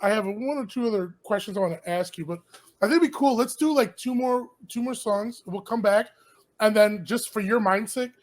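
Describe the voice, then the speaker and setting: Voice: mid-range voice, a little fast. A casual livestream host interviewing a band. The talk is loose and rambling, with restarts and slangy asides.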